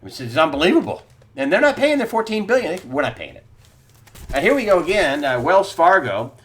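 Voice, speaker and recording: A middle-aged man hosting his own news commentary, his voice set a little high and swinging widely in pitch as he reacts. He sounds incredulous and sarcastic, breaking into scornful laughs. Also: big pitch swings, fairly quick, fairly bright tone.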